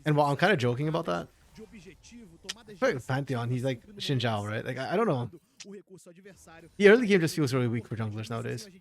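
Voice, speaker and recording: A man's voice: medium pitch, big pitch swings, fairly quick, vocal fry, pauses often. A man co-streaming an esports match, talking in a chatty, laid-back way and answering chat. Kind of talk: casual live-stream commentary.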